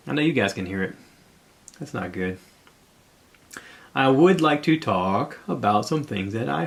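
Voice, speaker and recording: A man's voice: lowish voice, a bit bright. A man hosting his own podcast, talking alone in a rambling, conversational way and sounding a bit out of breath. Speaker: podcast host. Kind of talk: solo podcast monologue.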